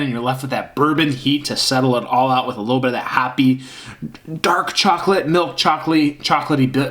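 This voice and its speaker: A man's voice: mid-range voice, a bit bright. A man casually reviewing a beer on camera, rambling and hunting for words with lots of fillers. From Michigan.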